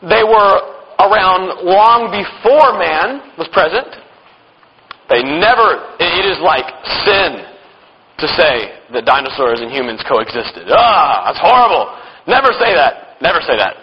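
A high-voiced man gives a church-conference Bible lesson full of jokes and sarcastic asides, chuckling as he goes. The sound is dull and lo-fi, with a long hall reverb and faint background noise. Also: very animated, takes it slowly. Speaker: speaker teaching at a church conference. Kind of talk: humorous Bible teaching talk.

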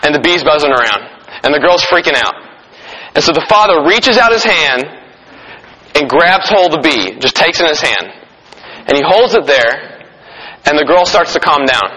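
A man's voice: on the high side, sharp tone, slightly rough, in a large hall, low-quality recording. A man preaching a sermon in a casual, conversational way, joking with his listeners. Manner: conversational, jokes with the audience.

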